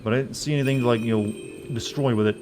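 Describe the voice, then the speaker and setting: Fast-talking male game streamer. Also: mid-range voice, steady tone, darkish tone, slight background noise. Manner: rambling, teasing replies to chat; reads game menu text aloud. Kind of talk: live game stream commentary.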